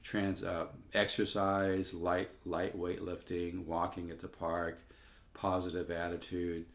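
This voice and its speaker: An older man, folksy and plainspoken, teaching guitar technique and pitching a guitar for sale while he plays. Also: little pitch movement, slow, a little hiss or hum. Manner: folksy, plainspoken, repeats himself. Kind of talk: casual guitar demo and sales pitch. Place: room while playing guitar. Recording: echoey room with guitar. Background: his own guitar playing.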